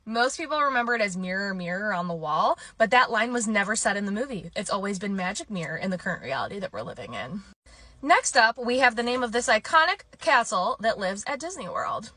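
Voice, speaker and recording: Bright-voiced woman quizzing her viewers. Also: medium pitch, expressive, brisk, dry recording. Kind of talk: casual explainer video.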